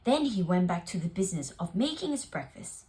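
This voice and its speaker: A woman reading a children's picture book aloud, very expressive and lingering on phrases. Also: on the low side, brisk. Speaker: storyteller.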